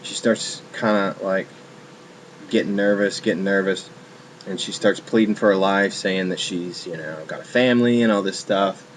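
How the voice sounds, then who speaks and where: A man's voice: low voice, steady tone, normal speed, slight background noise, low-quality recording. A man casually reviewing a film, rambling with many ums and restarts.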